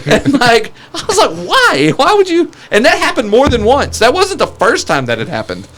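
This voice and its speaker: High-voiced man, rambling stories. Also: wildly swooping pitch, fairly quick, crowd noise. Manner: rambling, laughing storyteller. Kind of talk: casual storytelling chat.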